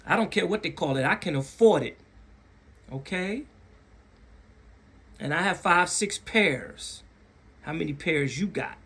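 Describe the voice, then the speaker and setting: A man's voice: animated, measured pace, long pauses, bright, forceful tone. A man hosting his own channel, telling a story casually to camera, repeating phrases for emphasis and acting out other people's voices. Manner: acts out other people's voices with big pitch jumps.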